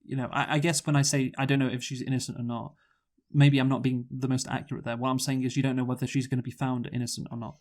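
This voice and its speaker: A man co-hosting a film review podcast, speaking in a measured, thoughtful way with frequent hedges. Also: medium pitch, level tone. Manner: thoughtful, measured, hedging with "you know". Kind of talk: casual film review chat.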